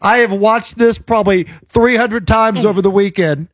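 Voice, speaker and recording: A man's voice: sits high, moderate pace, dry recording. A man co-hosting a radio talk show in a studio, joking around and laughing often. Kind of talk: casual morning radio banter.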